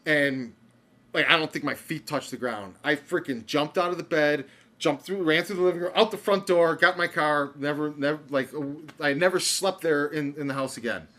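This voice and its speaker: A man's voice: a little high, normal speed, sharp tone. A young man telling a story on a podcast in a rambling way, stumbling and restarting often. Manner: rambling, stammering with many restarts. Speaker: podcast co-host. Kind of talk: casual storytelling.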